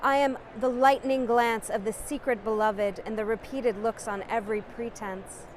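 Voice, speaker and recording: A woman's voice: on the high side, fairly even intonation, normal speed, slight background noise. Impassioned woman declaiming poetry. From United States. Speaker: poetry reciter. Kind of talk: dramatic poetry recitation.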